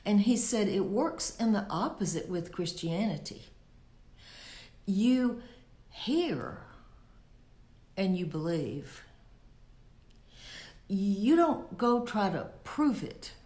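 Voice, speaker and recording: A woman's voice: medium pitch, very animated, takes it slowly, long pauses, mellow, reverberant. A woman giving a Bible teaching in a conversational preaching style, often asking rhetorical questions. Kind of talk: sermon.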